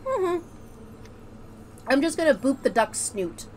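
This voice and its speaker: A woman's voice: sits high, takes it slowly, slight background noise. A woman hosting a casual gaming chat, telling stories playfully. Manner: playful, animated storytelling. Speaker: host.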